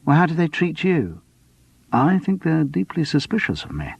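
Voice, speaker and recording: A man's voice: a little high, sing-song, normal speed, vocal fry, breathy edge, no room sound, voice pushed up, exaggerated voice. A man playing a dry, wry amateur detective, read close and dry for an audiobook. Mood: confiding. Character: wry middle-aged amateur sleuth, testy and dry.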